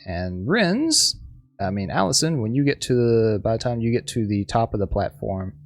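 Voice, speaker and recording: A man running a tabletop game as game master, narrating haltingly with frequent restarts and searching for words. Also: medium pitch, sing-song, dry recording, soft background music.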